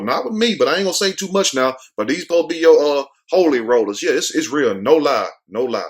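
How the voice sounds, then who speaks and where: A man hosting his own commentary show, reading headlines and then riffing on them bluntly in loose slang. His voice sits fairly high for a man, and he talks with animated swings. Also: fast talker, hardly any pauses. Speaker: host. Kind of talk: casual commentary on news.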